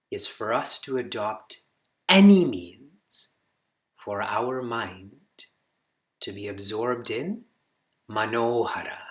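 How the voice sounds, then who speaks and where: Speaking to his students in a fairly low pitch, this teacher gives a spiritual talk full of energy, his voice climbing steeply on important words. He recites Sanskrit at a slow pace and throws short questions to the room to check they're following.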